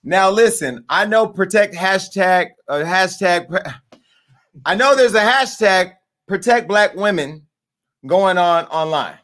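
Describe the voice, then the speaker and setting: A high-pitched man with a bright, sharp edge to his voice holds forth as a show host. He rambles from one bawdy joke to the next in a loose, unscripted monologue. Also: animated, slow pace. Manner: bawdy, rambling, joking asides. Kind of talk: casual crude comedic monologue.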